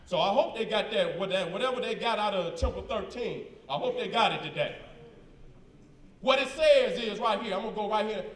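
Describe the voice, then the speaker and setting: A man's voice: high voice, reverberant, recorded from a distance. A man in a live debate, reading documents aloud with emphatic, combative slang asides. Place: event hall with a crowd.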